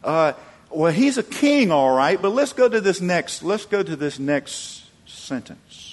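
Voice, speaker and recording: A man preaching a sermon, acting out quoted voices and moving between loud emphatic peaks and low quiet asides. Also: very animated, measured pace. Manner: acts out quoted voices, chuckles. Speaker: pastor.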